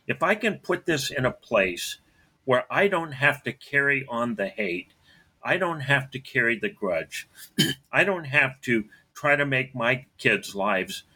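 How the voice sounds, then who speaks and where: Bright-voiced man, blunt, clearing his throat. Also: medium pitch, lively intonation, slow pace. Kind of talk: personal storytelling.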